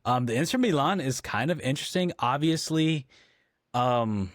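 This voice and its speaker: A man's voice: mid-range voice, expressive, moderate pace, dry recording, clean studio sound. A man co-hosting a casual football podcast, talking with frequent ums and restarts. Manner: hesitant, lots of ums and restarts. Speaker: podcast co-host.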